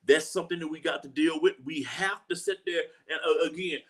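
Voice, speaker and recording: A man's voice: fairly high pitch, fairly quick. A man hosting a live talk show, speaking earnestly, often repeating himself for emphasis and asking "you know what I'm saying". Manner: earnest, repeats lines for emphasis, acts out quoted voices. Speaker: host.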